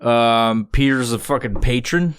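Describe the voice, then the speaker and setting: A man's voice: medium pitch, unhurried, clear, resonant tone, dry recording. Man, podcast host, casual chat, swears a lot, laughs often, dry close sound.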